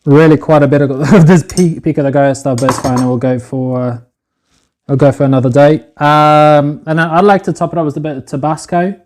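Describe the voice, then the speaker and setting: Streaming from his home kitchen on a phone, a man chats casually while he cooks, swearing freely and calling his viewers "boys." His voice sits fairly high, with a steady tone and a somewhat dark quality, and he talks fairly quickly.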